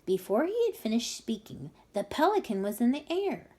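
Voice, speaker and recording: A woman reading tutor reading a children's book aloud with expressive storytelling. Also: a little high, moderate pace.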